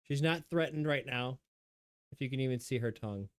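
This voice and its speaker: A man's voice: fairly quick, smooth. Casual man chatting about his reptiles. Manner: talks to his reptiles in a high, coaxing voice. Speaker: reptile keeper streamer. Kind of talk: casual chat with pets on stream.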